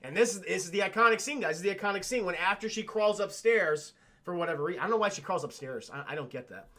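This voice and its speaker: High, bright-voiced man ranting to chat. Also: expressive, fast. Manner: rambling, profanity-laced, talks to chat. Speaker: streamer film reviewer. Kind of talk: live-streamed film review chat.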